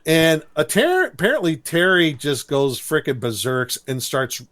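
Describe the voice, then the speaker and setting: A man co-hosting a podcast, recapping a cartoon episode in a lively, storytelling way and laughing as he goes. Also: fairly high pitch, measured pace. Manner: animated storytelling, briefly imitates characters with laughs. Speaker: podcast co-host.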